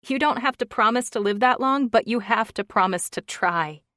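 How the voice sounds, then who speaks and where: A woman's voice: fairly high pitch, normal speed, a bit bright, no echo, studio quality, voice pushed up, lightly acted. A woman reading an audiobook, voicing an emotional young wife in a raised, wobbly, pleading voice. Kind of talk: audiobook character voice.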